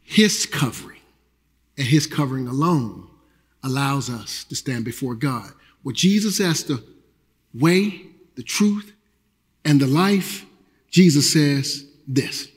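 A man preaching a sermon as pastor, energetic and earnest, repeating phrases and swinging between loud calls and quiet lows. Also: slow pace, pauses often, breathy edge. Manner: repeats phrases and restarts with a casual preaching rhythm. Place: church sanctuary. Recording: long church hall reverb.

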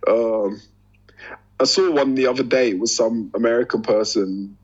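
A man's voice: mid-range voice, moderate pace, breathy edge, dull audio. A man co-hosting a podcast in casual chat, telling stories with laughter and swearing. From Britain. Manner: animated, swearing, laughing storyteller. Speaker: podcast co-host.

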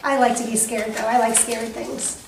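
A woman's voice: on the high side, steady tone, brisk, creaky. A woman co-hosting story time, chiming in with chatty, sympathetic asides while a story is read. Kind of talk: reacting during a read-aloud. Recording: very echoey room, distant mic, faint noise.

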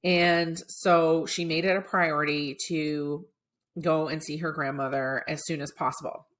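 A woman's voice: deep voice, steady tone, a little slow, a bit bright. A woman hosting a podcast, telling a story in a chatty, casual way with many filler words and moments of being choked up. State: choked up at times. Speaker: podcast host.

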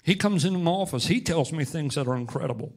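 A man's voice: a little high, lively intonation, fast. Impassioned male pastor preaching. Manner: impassioned, rising to loud emphatic peaks. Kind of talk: sermon.

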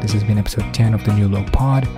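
A young man hosting a casual solo podcast, rambling and swearing, dropping to mumbles and then bursting out loud. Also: on the low side, fairly even intonation, fast talker, music in the background. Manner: rambling, profane, swings between mumbling and loud outbursts. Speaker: podcast host.

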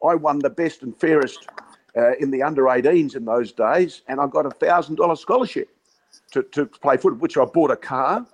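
A raised-pitch Australian man in his sixties, telling stories in a loose, laughing way. He keeps calling people mate and wanders from one yarn to the next as a guest on a chat. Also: rough recording. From Western Australia. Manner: yarning storyteller, laughs often, says "mate". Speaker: guest, former cricket captain. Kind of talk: casual chat.

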